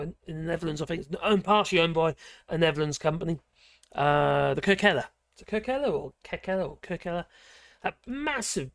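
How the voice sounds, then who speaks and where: A man's voice: on the high side, vocal fry, no echo, studio quality. Rambling Norfolk man on a livestream. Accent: Norfolk English. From Norfolk, England. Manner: rambling, chuckling, lots of fillers and exclamations. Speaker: livestream host. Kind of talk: casual livestream chat.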